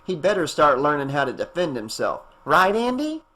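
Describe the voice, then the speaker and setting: A man's voice: on the high side, very animated, normal speed, sharp tone, exaggerated voice. A brash, joking woman in her thirties, read by a man in an audiobook. He lifts his voice only a little and keeps it breezy and teasing.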